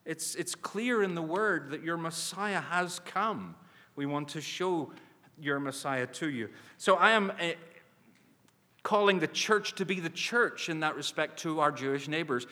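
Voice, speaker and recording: Man, earnest church mission preacher, emphatic, bright tone, long hall reverb. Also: on the high side, a little slow. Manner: earnest, emphatic, with frequent restarts. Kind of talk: preaching address.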